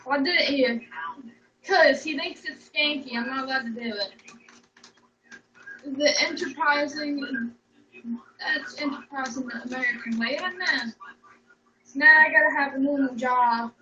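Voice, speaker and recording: A woman's voice: sits high, a little slow, long pauses, sharp tone. A young woman chatting casually on a livestream, rambling, joking and swearing freely. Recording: echoey room, distant mic, dull sound.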